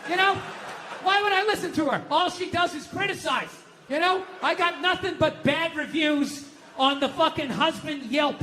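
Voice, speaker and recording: Male stand-up from the US, high-pitched, exasperated profane ranter. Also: normal speed, bright, forceful tone, slight background noise. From United States. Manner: profane, exasperated, self-mocking ranting. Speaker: stand-up comedian. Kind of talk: stand-up comedy routine.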